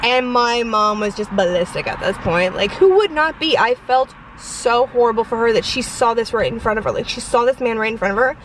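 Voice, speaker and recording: A young woman vlogger tells a personal story in a loose, rambling chat, constantly dropping "like" and "you guys." Her voice sits a little high. The mic picks her up from a short distance, with faint outdoor traffic behind her. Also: a little fast, few pauses.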